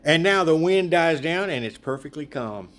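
A man's voice: on the high side, normal speed. Chatty man leading a Bible study. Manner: chatty, laughs often, animated retelling. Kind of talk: casual group Bible teaching.

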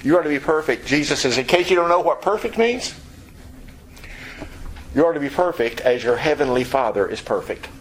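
A man's voice: a little high, expressive, brisk, slight background noise, rough recording. A man preaching a sermon, emphatic and direct, often asking his listeners rhetorical questions.

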